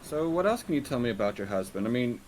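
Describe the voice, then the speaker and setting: A man's voice: medium pitch, very animated, fast, slight background noise, poor audio. A man playing in a tabletop game, talking casually and hesitantly, often restarting his sentences. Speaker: player. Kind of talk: casual tabletop role-play.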